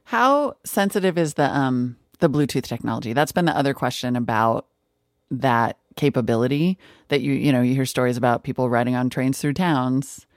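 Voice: mid-range voice, moderate pace, no echo, clean studio sound. An interviewer asking pointed, probing questions in a news interview.

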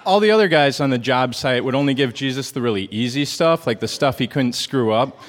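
A man telling a comic story at a storytelling show, earnest and hesitant, with a halting delivery. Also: medium pitch. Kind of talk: deadpan comic monologue. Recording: hall reverb, faint noise.

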